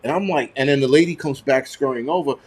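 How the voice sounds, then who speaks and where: A husky-voiced man of medium pitch talks fast as he hosts a prepper channel. He tells stories in a heated, profane, rambling rant, a casual monologue.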